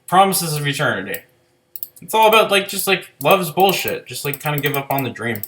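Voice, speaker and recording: A man's voice: on the high side, very animated, brisk, fairly bright tone. A man giving a casual, rambling spoken review of an album, full of "like" fillers and loose swearing.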